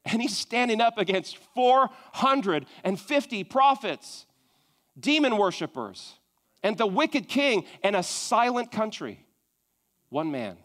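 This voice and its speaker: A high-voiced man preaching to his congregation. He retells scripture in a loose, conversational way, sinks to near-hushed asides and then climbs back to emphatic, driving calls. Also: sing-song, slow. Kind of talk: sermon.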